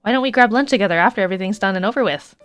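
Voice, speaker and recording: A woman's voice: medium pitch, very fast, faint music behind, natural voice. A woman voicing a friendly young woman who cheers a friend on. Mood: cheerful. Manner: upbeat, encouraging.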